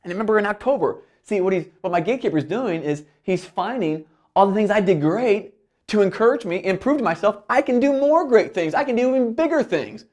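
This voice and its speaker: Animated motivational speaker, man, higher voice. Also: brisk. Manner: animated, acts out quoted voices and self-talk. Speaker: keynote speaker. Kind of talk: motivational keynote talk.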